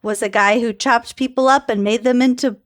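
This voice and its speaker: A woman's voice: a little high, fairly even intonation, a little fast, no echo, studio quality. A woman co-hosting a podcast in casual chat, laughing often while telling a story. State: pregnant. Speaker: podcast co-host.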